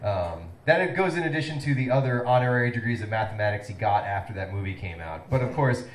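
A male host runs a mock town-meeting presentation on a comedy stage. He stumbles through fillers and restarts. His pitch rises and falls a lot, and the room rings around him. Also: lively intonation, reverberant, recorded from a distance, low-quality recording. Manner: halting, filler-heavy delivery, breaking into laughter.

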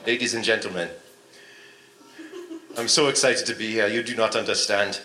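A pompous, mock-serious revolutionary with a thick put-on German accent, done by a man, preaching at a festival crowd. The tone is bright and edgy, and the sound bounces around a roomy live space. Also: fairly low pitch, moderate pace, pitched below the performer's own voice. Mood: mock-lecturing. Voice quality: pompous, deadpan mock-lecturing. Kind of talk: improv comedy character bit. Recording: echoey live room.

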